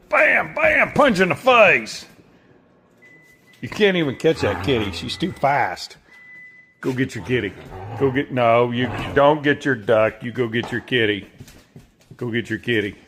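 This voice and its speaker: A man's voice: mid-range voice, moderate pace, fairly bright tone, slight background noise. A man filming his pets and coaxing them in a teasing, playful voice, swearing casually as he goes. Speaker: pet-owning video creator.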